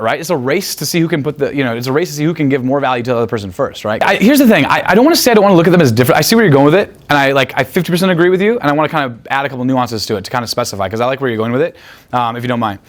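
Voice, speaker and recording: Rapid-fire, profane male dating coach. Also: medium pitch, animated. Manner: rapid, profane, chatty, asks "right?" often. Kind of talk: live seminar talk. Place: room with a live group.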